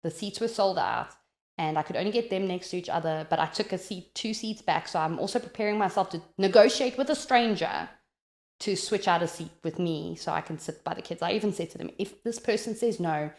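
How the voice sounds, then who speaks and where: A South African woman telling a personal story in an animated, chatty way, with many "like" fillers, as a podcast guest. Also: lowish voice, fairly quick, reverberant.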